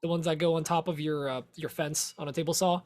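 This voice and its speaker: A male co-host on a casual podcast whose voice sits high. He banters quickly and likes to tease the others. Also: fairly even intonation, darkish tone. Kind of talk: casual chat.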